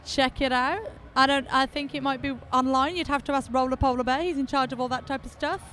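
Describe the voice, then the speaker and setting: Woman, roller derby announcer, high voice, chatty, self-mocking, faint background noise. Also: fairly even intonation, a little fast, fairly bright tone. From England. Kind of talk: live sports commentary.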